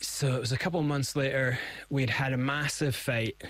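A man's voice: medium pitch, steady tone, normal speed, fairly bright tone, no room sound. A middle-aged man, a guest in an interview, telling his story with animation and acting out the voices he quotes. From Scotland.

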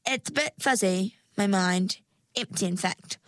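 A woman's voice: medium pitch, measured pace, a bit bright, no room sound, clean studio sound, close to an everyday voice. A woman voicing a young female who has lost her memory, talking hesitantly and wonderingly. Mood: uncertain.

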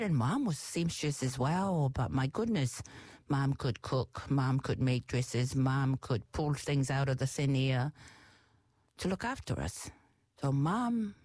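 A middle-aged woman with a Samoan accent, slowly and fondly recalling her family upbringing. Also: a bass voice, a little mellow, no echo. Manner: slow, reflective, affectionate. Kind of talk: personal storytelling.

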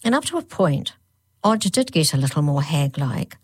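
A woman narrating a children's storybook aloud, slowing right down on the spooky phrases. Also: sits low, sing-song, a little mellow, breathy edge, no echo. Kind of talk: storybook reading.

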